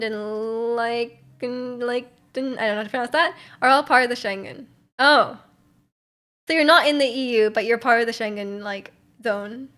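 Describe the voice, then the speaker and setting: A woman's voice: on the high side, fairly bright tone. A young woman from Canada, streaming and chatting casually while reading viewer messages, rambling with lots of fillers and giggly asides.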